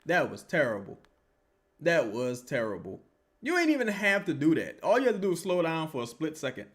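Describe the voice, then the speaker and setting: A man hosts a casual sports livestream, reacting live to a basketball game. His talk is loose and full of swearing as he heckles the players and reads viewer comments aloud. His voice is mid-pitched but swings widely, from low mutters up to sharp yelps. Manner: profane, animated, heckling players.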